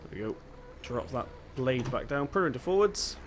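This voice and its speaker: A man's voice: mid-range voice, animated, moderate pace, noisy background. A young man with a Devon accent, chatting casually and thinking aloud while he plays a farming game. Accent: Devon English. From England (Devon). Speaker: gaming channel host. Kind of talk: casual gameplay commentary.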